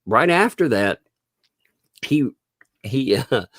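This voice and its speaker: A man hosting a casual livestream, laughing often and mocking people with quick impressions. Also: medium pitch, sing-song, fairly bright tone, no echo, studio quality. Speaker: livestream host. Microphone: desk microphone.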